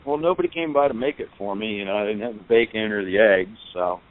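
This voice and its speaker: A man calling in to a radio show and chatting in a relaxed, joking way. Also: fairly low pitch, fast talker. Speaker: caller. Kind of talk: casual call-in chat. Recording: tinny phone line with faint hiss.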